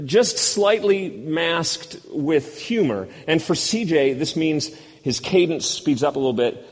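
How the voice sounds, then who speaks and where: A man in his fifties preaching in a husky, mid-pitched voice. He tells stories with wry, self-deprecating humor, and his words hang in a long hall reverb. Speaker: pastor. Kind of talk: sermon.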